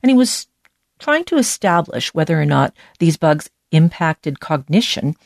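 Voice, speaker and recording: Low-voiced woman hosting a health show. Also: very animated, unhurried, vocal fry, dry recording, studio quality. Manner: chatty, explanatory, folksy asides. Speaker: host, medical doctor. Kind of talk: scripted health podcast talk.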